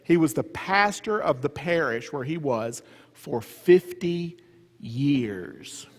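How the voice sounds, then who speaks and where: A man from the Memphis area of the Southern US gives a humorous retreat talk in a church, his Southern accent clear. His voice is a little high and animated, and he takes it slowly, joking conversationally and quizzing the audience. The church hall is reverberant.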